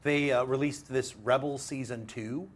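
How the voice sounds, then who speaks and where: A man co-hosting a casual panel chat, excitable and laughing often. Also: mid-range voice, a little slow, slight background noise. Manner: excitable, laughs often, does silly voices. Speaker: co-host.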